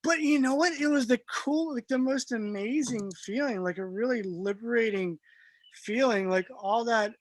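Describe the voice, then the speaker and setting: A man guest telling a personal story in a casual, animated way, laughing often and using lots of fillers. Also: extremely high pitch, normal speed, no room sound.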